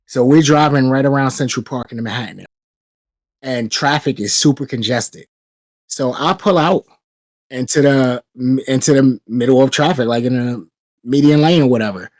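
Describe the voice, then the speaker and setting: Podcast co-host, male, mid-pitched, blunt profane storyteller, dry close sound. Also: normal speed, no room sound. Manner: profane storyteller, animated retelling. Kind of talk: casual chat.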